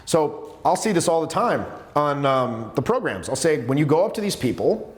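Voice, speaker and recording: Animated male coach in echoey room. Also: on the high side, normal speed. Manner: animated, emphatic, swearing, many restarts. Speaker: social skills coach. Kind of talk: live workshop teaching. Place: seminar room with students.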